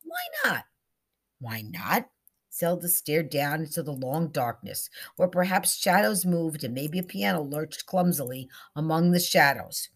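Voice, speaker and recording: A woman reads a story aloud in a lowish, husky voice, full of expression. She drops to hushed whispers at tense moments and lifts her voice for the drama. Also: moderate pace, hardly any pauses. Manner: expressive, shifting into soft whispers and raised character voices.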